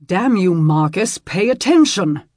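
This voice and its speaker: A man voicing a stern medieval lord and knight, gruff and commanding. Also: fairly high pitch, lively intonation, moderate pace, dry recording, studio quality. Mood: scolding. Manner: gruff, forceful when scolding.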